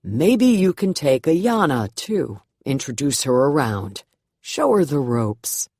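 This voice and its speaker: Woman putting on a slow, drawling Southern reverend. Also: very deep voice, very animated, warm tone, breathy edge, no room sound, studio quality, full character voice. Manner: slow, drawling, calling out across a stage. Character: benevolent middle-aged male Southern reverend.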